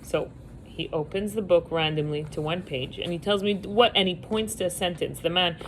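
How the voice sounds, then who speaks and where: A woman teaching a class, telling a story with lively delivery over a video call from home. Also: fairly low pitch, normal speed, slight background noise, low-quality recording. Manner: animated storyteller, acting out quotes.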